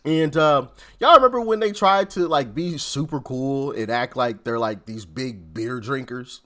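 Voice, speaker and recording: A man's voice: medium pitch, a little slow, a bit bright. A man hosting casual political reaction commentary, laughing and exasperated, talking in informal slang.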